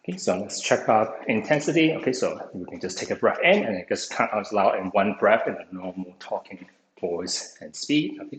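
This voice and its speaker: Low-voiced man leading an exercise class. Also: animated, normal speed. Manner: encouraging, says "okay" constantly. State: slightly out of breath. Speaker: exercise instructor. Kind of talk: online fitness class instruction. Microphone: video call. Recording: echoey room, faint noise.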